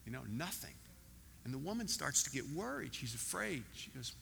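A man's voice: medium pitch, big pitch swings, normal speed, creaky, a bit bright, in a large hall, slight background noise. A man preaching a conversational sermon in a church, repeating words and using many fillers. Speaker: pastor. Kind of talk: sermon with a told joke. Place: church hall.

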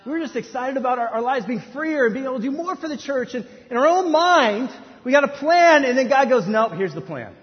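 A man in his thirties preaching a sermon in a church, telling a story with hushed asides that rise to near-shouts. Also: very high-pitched, a little fast. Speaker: pastor. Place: church sanctuary. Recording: dull sound in a reverberant hall, faint noise.

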